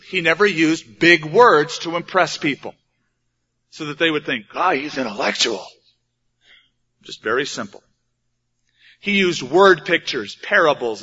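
Pastor, male, plain-spoken sermon delivery with rhetorical questions; forceful tone, muffled lo-fi recording. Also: on the high side, breathy edge. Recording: dull lo-fi recording.

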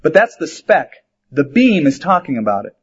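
A man's voice: a little high, big pitch swings, normal speed, husky. A man preaching a sermon in a conversational way, asking rhetorical questions and mixing in humor. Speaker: pastor. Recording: dull lo-fi sermon recording.

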